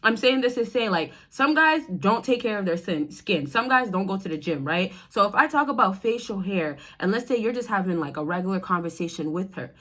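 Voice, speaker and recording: A woman's voice: medium pitch, expressive, a little fast, hardly any pauses, fairly bright tone. A woman, chatty and direct, coaching men on dating in a casual vlog. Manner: chatty, direct, addresses viewers as y'all and fellas. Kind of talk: casual advice vlog to camera.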